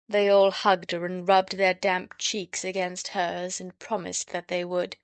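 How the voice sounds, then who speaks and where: A woman reading a children's classic aloud as an audiobook narrator, clear and gently expressive. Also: mid-range voice, unhurried, hardly any pauses, no echo. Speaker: audiobook reader. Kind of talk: scripted storybook narration. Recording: dry close recording.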